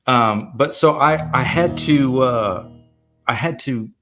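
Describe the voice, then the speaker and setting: A man's voice: mid-range voice, slow, a bit bright. A man, a singer-songwriter, chatting casually on a live stream, rambling with many fillers and restarts. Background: faint guitar playing.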